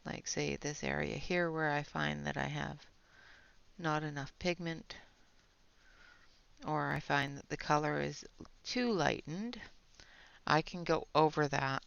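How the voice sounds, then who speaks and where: Woman host with a low, gravelly voice, slightly winded, talking through a colouring demo on muffled audio. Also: fairly even intonation, takes it slowly, long pauses. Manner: chatty, explains step by step. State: out of breath. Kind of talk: casual product demo while colouring. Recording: dull lo-fi audio.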